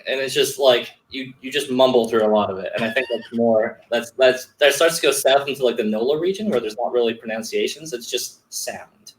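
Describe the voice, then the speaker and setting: A man's voice: medium pitch, brisk, hardly any pauses, echoey room, low-quality recording. A man who grew up around Seattle and in Kentucky, chatting loosely as a podcast host. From Seattle area and Kentucky. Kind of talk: casual chat.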